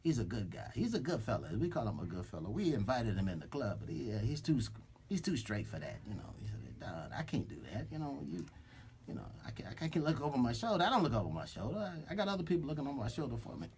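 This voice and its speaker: A man's voice: medium pitch, sing-song, fast, a little mellow, a little hiss or hum. A man voicing a boastful, threatening mob boss enforcer as a comic character on a radio show, speaking into a studio microphone. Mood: swaggering. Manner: swaggering, threatening, rambling with restarts.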